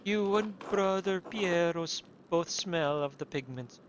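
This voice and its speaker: A man voicing a calm, observant blind nun who speaks slowly and carefully in a game playthrough. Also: high-pitched, highs cut off, noisy background. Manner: slow, measured.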